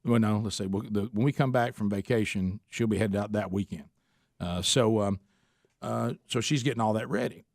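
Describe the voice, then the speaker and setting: A man's voice: lowish voice, moderate pace, vocal fry, dry recording, clean studio sound. A man hosting a radio talk show, telling a long story in a casual, folksy way. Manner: animated storyteller, folksy Southern phrasing, puts on a friend's voice in quotes.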